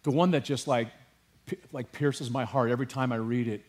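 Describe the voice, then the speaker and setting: A man preaching a sermon with passion, dropping to a hush and rising to emphasis, with casual asides to his congregation. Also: mid-range voice, fairly even intonation, brisk. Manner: passionate, swings from hushed to emphatic. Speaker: pastor.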